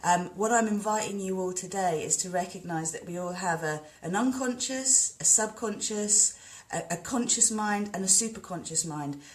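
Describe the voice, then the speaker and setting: A woman, a spiritual teacher, talking in a rambling, animated way on a live stream and leading a guided meditation. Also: mid-range voice, moderate pace. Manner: animated, rambling, greets viewers. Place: indoors by the sea.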